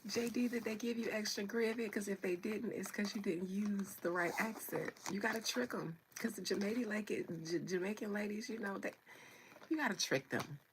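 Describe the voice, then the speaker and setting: A woman's voice: mid-range voice, normal speed, background noise. A woman hosting a livestream, chatting playfully with viewers and greeting them by name. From United States. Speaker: livestream host. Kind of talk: casual chat with viewers.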